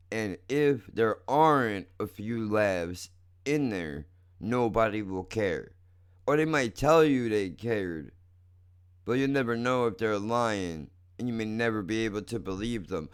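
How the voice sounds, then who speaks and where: Profane, animated young man ranting. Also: fairly low pitch, measured pace, clean tone. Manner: profane, animated, self-mocking. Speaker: comedian vlogger. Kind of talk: unscripted comedic rant. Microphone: close desk mic.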